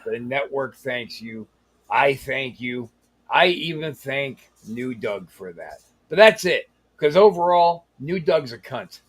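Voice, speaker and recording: A man's voice: mid-range voice, expressive, slow, slightly rough. A man hosting a casual comedy show, talking in a sarcastic, teasing and profane way. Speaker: host.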